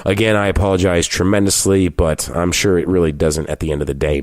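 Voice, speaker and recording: A man's voice: sits low, dry recording, clean studio sound. An American man hosting a wrestling podcast, announcing with a wry showman's flair and chatting casually with a guest in a home. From United States. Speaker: podcast host. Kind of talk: podcast introduction and casual interview. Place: a private home.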